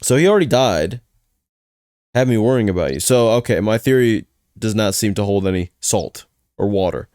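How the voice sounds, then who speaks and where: A young man hosting a reaction video, joking around and thinking out loud in casual slang. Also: fairly low pitch, lively intonation, normal speed, no room sound, studio quality.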